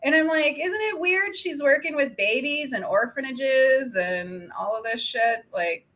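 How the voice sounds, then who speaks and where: A young adult woman co-hosting a casual chat, talking in an animated, chatty way with frequent laughs and swearing. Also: high-pitched, unhurried. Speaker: co-host.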